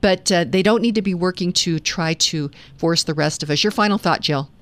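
A woman's voice: lowish voice, moderate pace. A woman hosting a talk radio show, chatting conversationally with fillers and restarts. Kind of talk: conservative talk radio chat.

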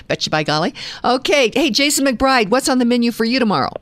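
A woman's voice: high voice, fairly quick, fairly bright tone, no echo. A woman hosting a talk radio show, chatting conversationally with fillers and restarts. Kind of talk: conservative talk radio chat.

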